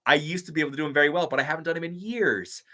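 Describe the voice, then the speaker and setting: Rapid-fire and forceful, this young man's bright, fairly high voice runs a casual live stream. The YouTube impressionist reads chat comments aloud and thanks viewers in an upbeat way.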